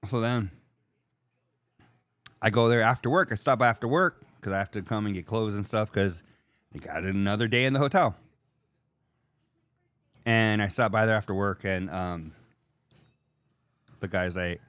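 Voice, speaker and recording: A man's voice: on the low side, moderate pace, long pauses, a bit bright, clear, resonant tone, dry recording. A man hosting a podcast from a hotel room, telling a story casually with swearing, laughter and exasperation. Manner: profane, exasperated, laughing retelling. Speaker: podcast host.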